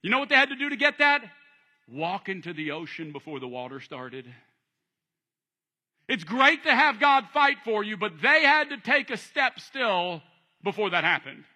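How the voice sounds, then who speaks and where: A man preaching a sermon as pastor, animated and acting out voices, joking with the congregation. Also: high voice, moderate pace.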